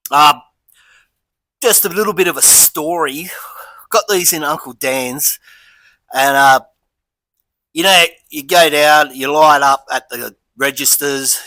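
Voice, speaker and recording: A man's voice: a little high, pushed and bright, no room sound, low-quality recording. Chatty Australian man reviewing beer. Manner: chatty, rambling storyteller. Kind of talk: casual beer review vlog.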